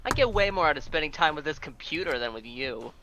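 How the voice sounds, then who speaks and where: A woman's voice: low voice, expressive, quick pace, faint music behind. A woman voicing a brash, crude young female inventor who stammers when flustered. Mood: scornful. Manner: loud, flustered stammering bravado.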